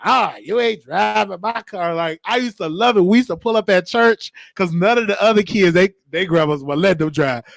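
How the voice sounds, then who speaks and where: A man's voice: sits high, fairly quick, few pauses, dry recording. A man in his thirties from Chicago, hosting a show and telling a personal story in an emotional, rambling way with many restarts. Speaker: show host.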